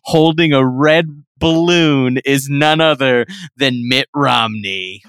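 A man's voice: mid-range voice, slow, fairly bright tone. A man co-hosting a comedy podcast, telling a made-up story in a rambling way with fillers and chuckles. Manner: rambling with fillers and frequent laughing asides. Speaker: podcast co-host. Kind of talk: comic storytelling.

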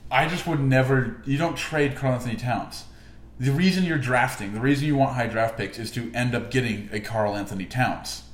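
A man's voice: mid-range voice, moderate pace, reverberant. A young man hosting a casual sports podcast, chatty and opinionated, often laughing as he talks. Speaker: podcast host. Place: room, walking around.

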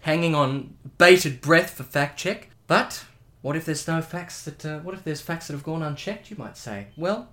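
A man's voice: fairly high pitch, expressive, moderate pace, pushed and bright. A man co-hosting a podcast in casual chat, telling stories in a theatrical, mock-dramatic way. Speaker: podcast co-host. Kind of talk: casual chat with comic storytelling.

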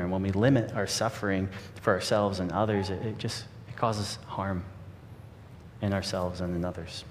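A man's voice: steady tone, moderate pace. A man giving an earnest, reflective sermon as a pastor, telling a story to his congregation. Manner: earnest, reflective preaching with a story read aloud. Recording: reverberant hall with faint rumble.

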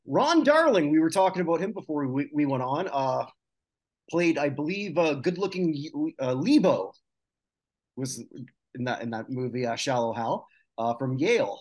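A man co-hosting a casual podcast chat, reading out lists of names with quick asides. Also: a little high, animated, a little mellow. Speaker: podcast co-host.

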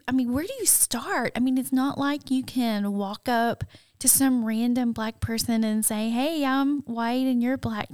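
A woman co-hosting a podcast, asking questions in an earnest, soft-spoken way. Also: high voice, no room sound, clean studio sound. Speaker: podcast co-host. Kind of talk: interview conversation.

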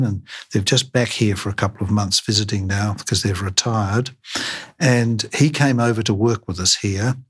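Older surgeon, husky and halting. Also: male voice, fairly low pitch. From Australia. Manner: halting, many fillers and restarts. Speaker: craniofacial surgeon. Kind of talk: interview.

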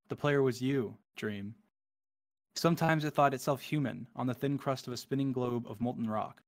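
A man streaming live, reading a long poem aloud as it scrolls past and breaking off into exasperated asides when the text moves too fast. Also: mid-range voice.

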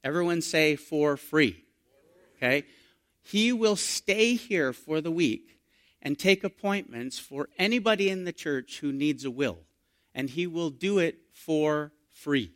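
A middle-aged man, a pastor telling stories in an animated sermon. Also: fairly high pitch, measured pace. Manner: storytelling, animated, rising to excited emphasis.

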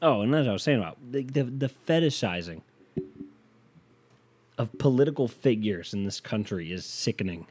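A man's voice: on the low side, animated, normal speed, long pauses, a little mellow, slightly rough. A man from the United States doing a solo comedic rant, profane, rambling and self-mocking.

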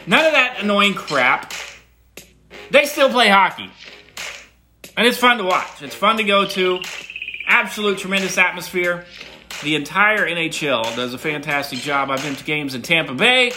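A middle-aged man sending a casual, rambling voice message to a show, talking in an animated, emphatic way and repeating words for effect. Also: high-pitched, slight background noise.

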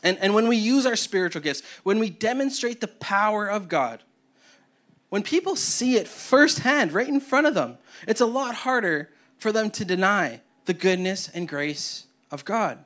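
High-voiced man preaching a lively sermon. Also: normal speed. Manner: energetic, conversational preaching with repeated restarts. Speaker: pastor.

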